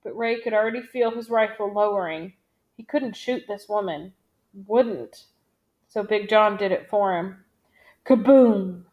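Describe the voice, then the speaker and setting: A woman reading a novel aloud in a steady, measured storytelling manner. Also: medium pitch, dull audio. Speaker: audiobook reader.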